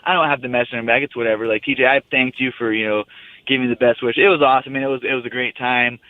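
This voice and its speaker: A man's voice: mid-range voice, steady tone, racing, dry recording. A young man calling in, telling a story in a loose, rambling casual chat. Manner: rambling, laid-back storytelling. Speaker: fighter calling in. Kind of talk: casual phone interview. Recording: tinny phone line.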